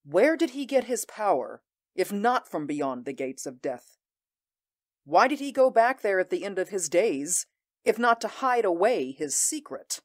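A woman voicing a proud, ambitious warrior queen, speaking in an intense, measured and commanding way in an audio drama. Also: medium pitch, very animated. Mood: proud, fierce. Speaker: voice actor.

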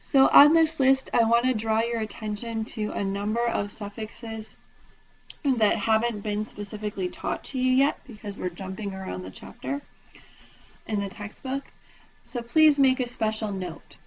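A woman's voice: a little high, normal speed. Patient woman lecturing on a lo-fi recording. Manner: patient, spells out terms letter by letter. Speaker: instructor. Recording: dull lo-fi lecture recording with faint noise.

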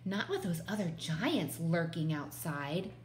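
A woman voicing a small, frightened girl who speaks high and anxious. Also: big pitch swings, unhurried, background noise.

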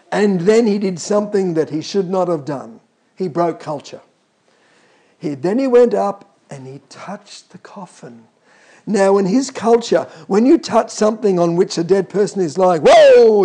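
A man's voice: sits high, mellow. A man preaching a sermon, emphatic and calling out to the congregation.

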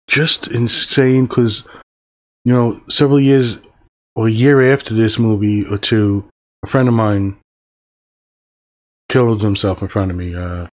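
A man in his fifties giving a casual spoken film review, excited and profane, rambling with fillers. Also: fairly low pitch. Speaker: movie reviewer.

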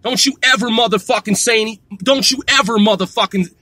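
A man's voice: sits high, a little fast, pushed and bright, no room sound. A man in his forties ranting to camera, boastful and trash-talking, swearing constantly and tacking "man" onto his lines. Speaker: vlogger. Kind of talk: profane boastful rant to camera.

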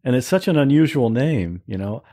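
A woman's voice: a bass voice, lively intonation, normal speed, dark tone. A woman hosting a podcast, making brief responsive remarks to her guest. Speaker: podcast host. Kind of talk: interviewer.

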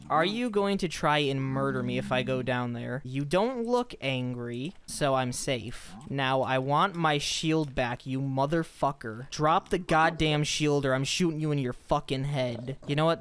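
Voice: medium pitch, slight background noise. A young adult gaming host giving loose, profane running commentary while playing, talking back at the characters on screen. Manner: frustrated, swears freely, talks to game characters. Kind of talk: live gameplay commentary.

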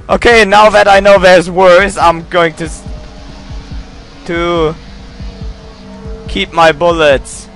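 A man's voice: sits high, level tone, takes it slowly, long pauses, soft background music, low-quality recording. A young man commentating his own horror game playthrough, jumpy and swearing a lot, muttering to himself between scares. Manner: jumpy, swears a lot, yells when startled. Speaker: let's play gamer.

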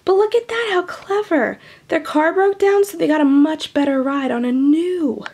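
A woman reading a picture book aloud to children in a gentle, chatty, teacherly way. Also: high voice, normal speed. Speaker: children's storyteller.

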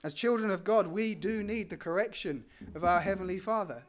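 A man preaching a sermon in an earnest way. He lifts his voice on key words and lets his lines fall soft and low at the ends. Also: a little fast. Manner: earnest, rising on key phrases and dropping softly at line ends.

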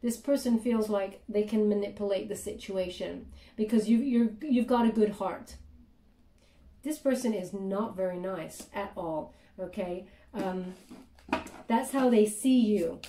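Tarot reader, female, chatty and hesitant with lots of ums; voice mellow, mic distant. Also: mid-range voice, unhurried, echoey room. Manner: chatty, hesitant, many fillers, drops to soft murmured prayers. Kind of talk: tarot reading monologue.

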